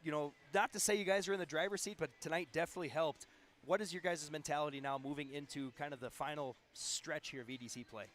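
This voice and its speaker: A man's voice: a little high, steady tone, quick pace, fairly bright tone, a little hiss or hum. A man who is a local sports broadcaster, asking rambling post-game interview questions with restarts.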